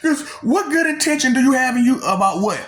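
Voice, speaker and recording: A man's voice: very high-pitched, lively intonation, a little fast, a bit bright. A man delivering a taunting, slangy monologue, laughing often between lines.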